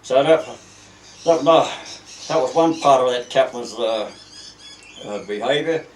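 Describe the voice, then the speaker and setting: A man's voice: mid-range voice, a little hiss or hum. Rambling old Australian seaman, distant mic. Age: older. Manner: rambling, halting, many fillers and restarts. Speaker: retired merchant seaman. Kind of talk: reminiscing storytelling. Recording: roomy, distant mic, faint ambience.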